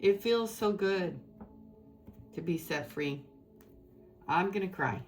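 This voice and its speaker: A woman's voice: lowish voice, lively intonation, slow, long pauses, soft background music. A woman giving a tarot reading to her viewers in an effusive, rambling, spiritual way. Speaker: tarot reader.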